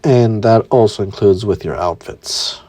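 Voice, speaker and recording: Man as blunt young super soldier, calm, slow. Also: fairly low pitch, no room sound.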